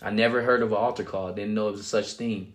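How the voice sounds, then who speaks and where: Man, young adult, low-pitched, casual storytelling, animated, laughs a lot. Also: fast talker. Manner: animated, acts out quotes, laughs often. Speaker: guest sharing his testimony.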